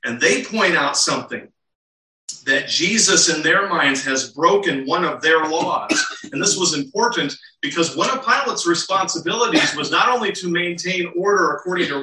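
Bright-voiced male preacher in an echoey hall. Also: a little high, expressive, normal speed. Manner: asks rhetorical questions, acts out quotes. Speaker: pastor. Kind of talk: expository sermon. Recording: echoey room, mic at a distance.

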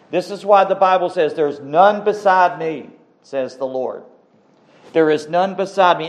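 Guy preaching real slow, kinda high voice, leans hard on repeated words. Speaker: pastor. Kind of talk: sermon.

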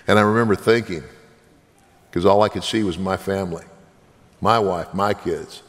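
Man, minister, earnest testimony; deep, rough voice in a reverberant church. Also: steady tone, normal speed. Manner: earnest, preaching, direct appeals to listeners. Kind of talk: sermon testimony.

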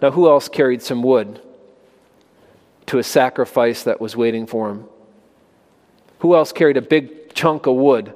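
A man's voice: mid-range voice, a little slow, pauses often, a little mellow. A man preaching a sermon to children in an emphatic way, often putting questions to them. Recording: long reverb of a large hall.

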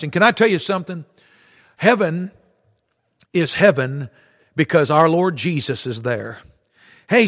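Fervent preacher man, reverberant. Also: high-pitched. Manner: fervent, emphatic preaching with King James quotes. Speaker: street preacher. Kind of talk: sermon.

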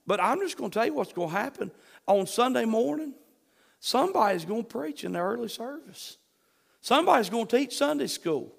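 A man preaches a sermon, his voice pitched very high with a rough, gravelly edge. He swings from hushed, slow lines to shouted repetitions. Long reverb from the church hall trails behind every phrase. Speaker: pastor.

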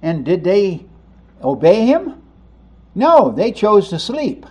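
A man preaching a sermon, animated, acting out the voices of people in the story as he teaches. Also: sits high, slow pace, slightly rough. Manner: animated, acts out voices of the crowd and disciples. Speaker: pastor.

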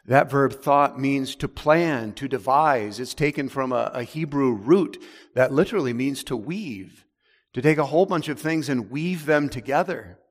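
A man preaching a sermon as pastor, emphatic, dropping low and slow on key words. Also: lively intonation. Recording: long hall reverb.

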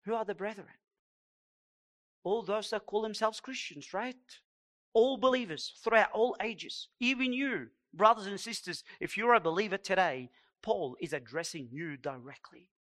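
Male preacher with a raised, bright tone; slow, pleading, emphatic sermon. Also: high-pitched, animated. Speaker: pastor.

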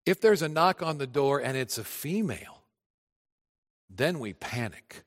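Animated preacher man in a reverberant hall. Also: medium pitch, measured pace. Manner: conversational, animated, addresses the congregation directly. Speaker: pastor. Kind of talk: sermon.

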